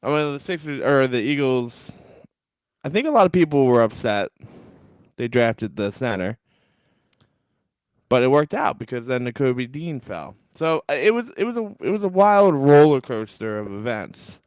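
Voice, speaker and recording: A man's voice: mid-range voice, big pitch swings, normal speed, clear, resonant tone, dry recording, clean studio sound. A man co-hosting a sports podcast, joking around in a sleepy, casual way. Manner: jokey, sleepy, talks over co-host. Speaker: podcast co-host.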